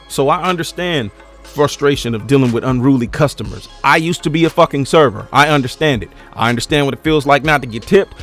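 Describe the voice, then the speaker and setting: A man's voice: fairly high pitch, fairly bright tone. Blunt, profane man ranting over faint music. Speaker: commentary channel host. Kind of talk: unscripted ranting commentary.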